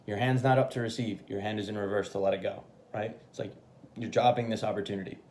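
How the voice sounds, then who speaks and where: A man's voice: on the low side, steady tone, quick pace, darkish tone. A man giving a casual tarot reading, swearing freely and checking in with "right?" often. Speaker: tarot reader.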